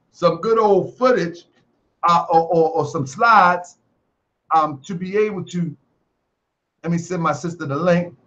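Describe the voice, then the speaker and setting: A man with a high voice talks loosely and playfully to his online audience, dropping slang and laughing as he goes. The stream audio sounds dull and lo-fi. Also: pushed and bright. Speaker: host of an online talk show. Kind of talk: casual live-stream talk.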